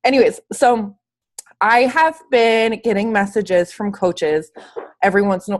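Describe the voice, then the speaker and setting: A woman fitness coach talks to her team over a call from bed at home. She is sick and a little wheezy, but she stays upbeat and emphatic, leaning on casual slang. Her voice sits at a middle pitch for a woman. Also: a little slow. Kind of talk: casual motivational talk.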